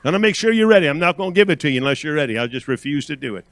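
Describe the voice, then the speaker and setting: Speaking very fast in an expressive, mid-range voice that's a bit bright, this guest preacher builds intensity through repeated phrases and questions fired at the congregation. His sermon is emphatic throughout, and the recording has no echo.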